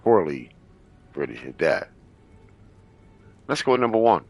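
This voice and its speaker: Low husky man playing a game. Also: sing-song, unhurried, faint music behind, rough recording. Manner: reads dialogue choices aloud, muses to himself. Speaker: host of the show. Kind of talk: casual gameplay commentary.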